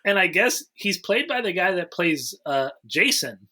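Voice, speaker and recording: A man's voice: high voice, sing-song, a little slow, background noise. A man hosting a casual movie review podcast, rambling through recaps and acting out scenes. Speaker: podcast host.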